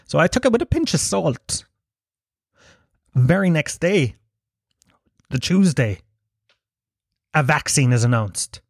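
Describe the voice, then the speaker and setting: A man's voice: fairly high pitch, expressive, moderate pace, pauses often, no echo, clean studio sound. A man with an Irish accent hosting a casual solo podcast, rambling, jokey and full of swearing. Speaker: podcast host.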